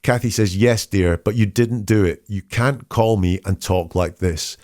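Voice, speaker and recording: A man hosting a podcast, analysing statements in a measured, questioning way and reading quotes aloud. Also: lowish voice, darkish tone, no room sound, clean studio sound. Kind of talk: analytical commentary.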